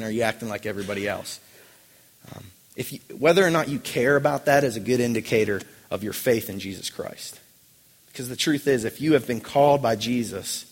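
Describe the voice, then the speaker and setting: A man's voice: medium pitch, big-room sound. A man preaching a sermon as pastor. He presses his listeners with earnest rhetorical questions.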